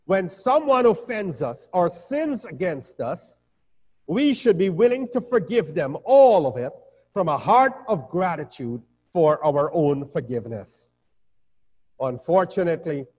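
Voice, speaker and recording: Male pastor, slightly high voice, lively measured preaching; dull, reverberant hall recording. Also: husky. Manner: measured preaching with rising emphatic peaks. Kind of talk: sermon.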